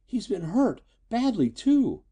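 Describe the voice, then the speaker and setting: A man's voice: sits high, sing-song, takes it slowly, mellow, slightly rough, pitched above the performer's own voice, full character voice. A man voicing a frightened young woman, breathless and wailing.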